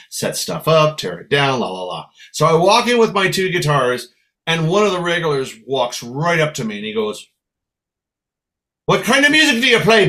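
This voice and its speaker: A middle-aged man from San Francisco spins lively anecdotes as an interview guest, his voice sitting a little high for a man. He drops into playful accents whenever he quotes someone. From San Francisco, USA. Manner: lively storyteller, slips into accents for quoted people. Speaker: musician guest. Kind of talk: storytelling interview.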